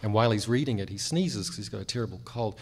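New Zealand man, low voice, self-deprecating panel guest. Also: fast, husky. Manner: self-deprecating, wry, chatty with many fillers. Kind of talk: panel conversation. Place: convention panel room.

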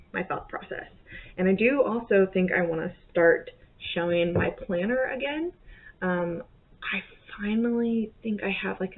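A woman's voice: medium pitch, phone-quality sound. A woman from southern Indiana with a slight Southern accent, chatting casually and rambling with many fillers in a cross-stitch vlog. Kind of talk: casual chat.

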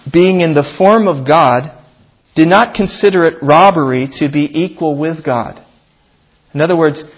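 A man preaching in a church, his voice husky and pitched a little high. He reads scripture with emphatic lifts and leans into key phrases. The archived recording sounds dull and muffled. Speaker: pastor. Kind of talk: sermon.

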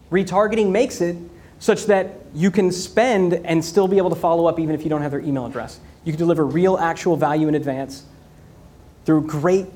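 Man, keynote speaker, higher voice, energetic, rhetorical, repeats for emphasis. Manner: animated storytelling with rhetorical questions and repetition. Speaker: conference speaker.

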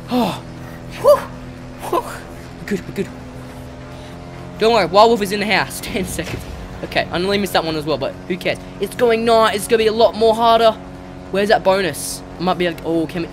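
A gamer giving excitable let's play commentary, yelling and cheering often while flying. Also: mid-range voice, moderate pace, long pauses, music in the background.

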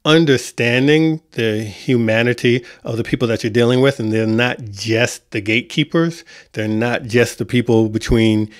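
A man's voice: mid-range voice, normal speed, few pauses, dry recording, clean studio sound. A man hosting an online music panel, talking casually with many restarts. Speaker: community host.

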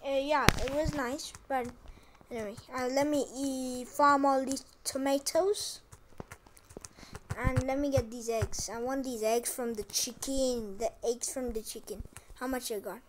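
A woman chatting casually while playing a farming game. She repeats herself often and makes an effort to speak loudly. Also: high voice, fairly even intonation, a little slow, slight background noise. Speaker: gameplay commentator. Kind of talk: casual gameplay commentary.

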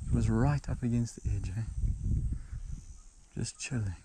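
A young man from Zimbabwe filming himself fishing at a small dam, talking casually and excitedly, shouting out at one moment and murmuring the next. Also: mid-range voice, a little slow. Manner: excitable, exclaims and drops to murmurs. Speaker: angler vlogger. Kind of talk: casual outdoor fishing vlog. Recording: outdoor recording with faint background noise.

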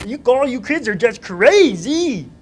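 A man voicing a crazy little bird puppet, excitable and gushing to the kids. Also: extremely high pitch, measured pace, slightly rough, pitched above the performer's own voice, full character voice. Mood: excited.

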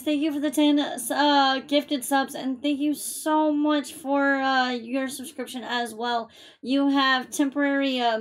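A woman streaming a game live, chatty and gushing, thanking viewers emotionally. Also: sits high. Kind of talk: live gaming stream commentary.

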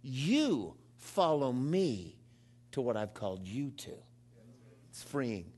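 Animated man in his fifties preaching. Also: slow pace, breathy edge. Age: 50s. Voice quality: swings from low murmurs to loud, high exclamations. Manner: animated preaching with call-and-response to the congregation. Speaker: pastor. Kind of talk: sermon.

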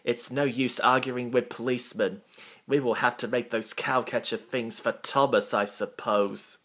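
A man reading a storybook aloud and voicing a bustling, kindly railway boss who speaks briskly. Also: mid-range voice, fairly even intonation, fairly bright tone.

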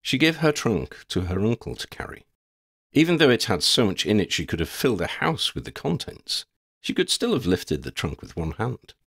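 A man narrating a fantasy story in a measured, expressive reading. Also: lowish voice, creaky, breathy edge, no room sound, clean studio sound. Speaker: audiobook narrator.

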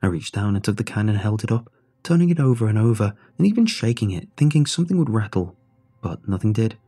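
A man narrating a horror story in a steady, measured way. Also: on the low side, slightly rough.

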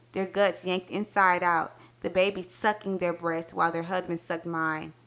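A woman with a fairly low voice reads a short story aloud as a dramatic performance. She tells it in an intimate, expressive first-person voice. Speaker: book reviewer reading a story aloud.

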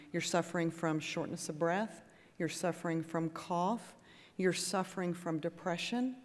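Lively woman lecturing in an echoey hall. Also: fairly low pitch. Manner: lively, conversational, acts out patient exchanges. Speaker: nurse practitioner lecturer. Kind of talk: conference lecture to patients. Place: conference hall with audience.

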